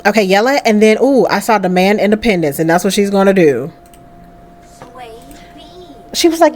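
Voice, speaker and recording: A woman's voice: mid-range voice, animated, normal speed, long pauses, a little mellow. A woman hosting a let's play, narrating a life-sim game and voicing the characters' dialogue as quoted asides.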